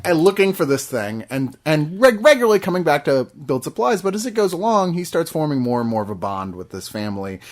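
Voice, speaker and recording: A man casually summing up a movie plot on a review podcast, relaxed and often laughing. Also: fairly high pitch, fast talker, few pauses. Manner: laid-back, laughing, acts out quotes. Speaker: podcast host.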